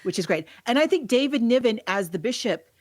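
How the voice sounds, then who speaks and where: A woman co-hosting a podcast, chatting casually about a movie and telling scenes in an animated way. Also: a little high, no echo. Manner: animated storyteller who acts out scenes with quick laughs. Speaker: podcast co-host.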